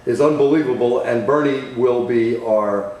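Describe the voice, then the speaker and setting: Hoarse male co-host, chatty, recorded far from the mic in a very echoey shop with faint noise. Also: mid-range voice, moderate pace, a little mellow. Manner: chatty, prompts with tag questions. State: losing his voice, hoarse. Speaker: co-host, technical trainer. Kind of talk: casual technical discussion. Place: auto repair shop.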